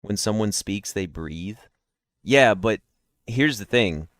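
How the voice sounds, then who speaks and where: A man's voice: on the low side, lively intonation, slow, fairly bright tone, no echo. A man streaming daily guessing games, chatting and rambling nonstop to his viewers through a headset mic while yawning. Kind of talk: casual live-stream chat.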